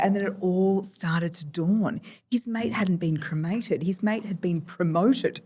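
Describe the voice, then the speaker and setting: An Australian woman talking as a voice coach in a relaxed podcast chat. Her voice sits a little low and stays lively, leaping up and down as she tells her anecdotes. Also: moderate pace. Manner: animated storyteller, playful vocal shifts. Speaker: voice coach guest. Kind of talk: casual podcast interview.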